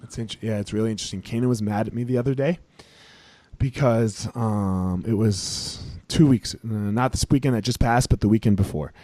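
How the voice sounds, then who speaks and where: A man hosting a podcast, chatting casually and telling stories in a loose, profane, animated way. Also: lowish voice, normal speed, no echo. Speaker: podcast host. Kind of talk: casual chat.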